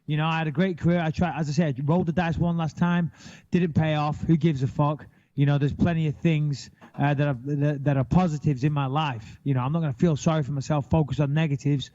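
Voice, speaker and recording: A man in his thirties chatting casually as a podcast co-host, blunt and animated, with plenty of swearing. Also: on the high side, a little fast, dull audio. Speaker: podcast co-host, retired fighter. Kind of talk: casual chat.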